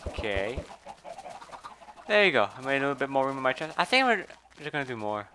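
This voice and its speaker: A man's voice: mid-range voice, very animated, fairly quick, background noise. A man giving casual gameplay commentary, chatty, swearing, and talking to the animals in the game. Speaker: gameplay video host.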